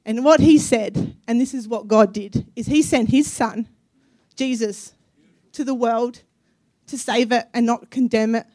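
A fairly high-voiced woman in her thirties gives a personal testimony sermon. She sounds earnest and emotional, with soft hesitations between phrases. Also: fairly even intonation, a little slow. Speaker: guest preacher.

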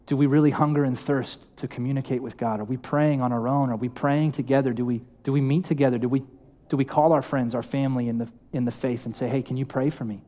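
A man's voice: medium pitch, steady tone, fast, warm tone. Young man preaching conversationally. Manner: conversational, asks the congregation questions. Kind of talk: sermon. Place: church hall.

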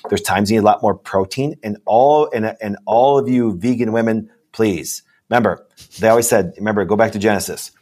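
A man's voice: on the low side, fairly quick, darkish tone. A man speaking as a guest doctor in a casual interview, rambling and emphatic, often asking "you know what I'm saying".

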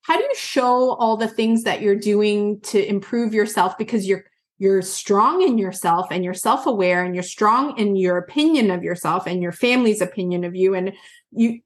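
A woman's voice: medium pitch, moderate pace. A woman in her forties hosting a podcast interview and asking probing questions. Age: 40s. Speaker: podcast host.

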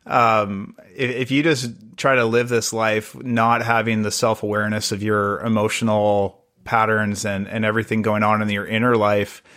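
A man with a fairly low voice speaks as a podcast guest. He talks earnestly but loosely, circling back with fillers and restarts as he gathers his thoughts. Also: level tone, moderate pace, hardly any pauses, fairly bright tone. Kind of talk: casual interview conversation.

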